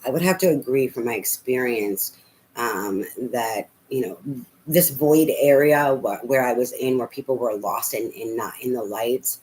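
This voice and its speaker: A woman's voice: a bass voice, a little slow, a little mellow, slight background noise, poor audio. A middle-aged woman telling a rambling personal story as a tarot reader, full of fillers and casual swearing.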